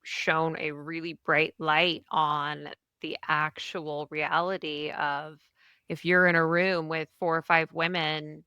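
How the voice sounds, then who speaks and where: A woman's voice: deep voice, flat delivery, slow, pushed and bright, clear, resonant tone, dry recording. A woman from Ohio, a podcast guest, speaking earnestly and reflectively about her own life in long unfolding sentences. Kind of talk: candid personal interview.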